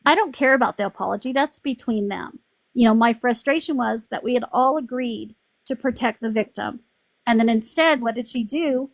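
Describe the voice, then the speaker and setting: A woman's voice: fairly high pitch, normal speed, gravelly, dry recording. A woman hosting a livestream, venting in a rambling, frustrated way with many restarts. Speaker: livestream host. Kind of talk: casual live-stream venting.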